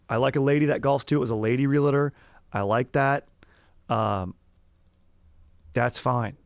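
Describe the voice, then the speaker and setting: A young man hosting a casual comedy podcast, excitable, swearing and saying "dude" often. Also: mid-range voice, no room sound. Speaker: podcast host. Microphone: headphones on.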